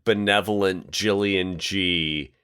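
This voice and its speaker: Slow, low-voiced joking man. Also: fairly even intonation, a bit bright, clean tone. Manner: playful, quips and puts on voices. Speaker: podcast co-host. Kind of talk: casual chat.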